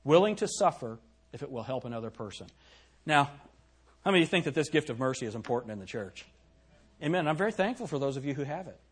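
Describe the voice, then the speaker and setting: A man's voice: medium pitch, very animated, fast talker, husky. A middle-aged man preaching a sermon in a church, throwing rhetorical questions at the congregation. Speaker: pastor.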